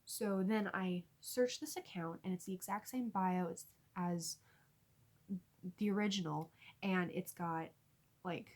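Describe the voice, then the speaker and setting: A young woman vlogger telling a storytime story in an animated way, often laughing as she talks. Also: on the low side, a little slow. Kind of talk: storytime vlog.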